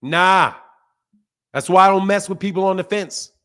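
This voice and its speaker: A man hosting a boxing channel stream, giving heated, mocking commentary with drawn-out emphasis. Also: high voice, pushed and bright, smooth.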